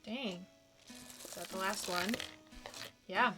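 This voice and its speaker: A woman's voice: medium pitch, pushed and bright. Gaming woman reading text aloud, plain mid voice, music behind. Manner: casual, plain reading with quick asides. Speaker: gaming YouTuber. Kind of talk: casual let's-play, reading game text aloud. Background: game music.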